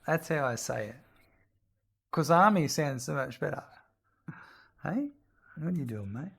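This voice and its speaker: A man's voice: a little high, expressive, unhurried, gravelly, long pauses, fairly bright tone, husky. A man chatting casually while he plays through a game tutorial, rambling and reading out viewer messages. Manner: rambling, reads out viewer chat. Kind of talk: casual chat while playing.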